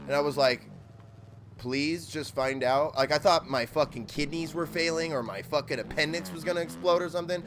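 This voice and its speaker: A man with a slightly high, somewhat bright voice and some vocal fry speaks briskly during a motocross live stream. Motorbike engine noise from the game runs underneath his rambling, profane talk, which leans heavily on "like" and "dude."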